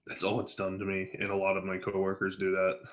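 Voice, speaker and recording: A man's voice: deep voice, monotone, fast talker, fairly bright tone. A man, a podcast guest, telling a story casually, laughing often, swearing and acting out his coworkers' voices.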